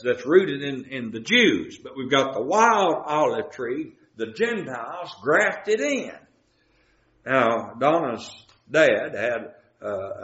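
A man teaching a folksy Bible sermon, explaining scripture with homespun everyday illustrations. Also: medium pitch. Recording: roomy, dull lo-fi recording.

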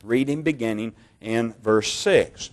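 A man preaching a sermon, reading Bible passages in a measured way, slowing down on key words and correcting his own slips. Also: medium pitch. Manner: measured, slow over key words, stumbles on names and corrects himself.

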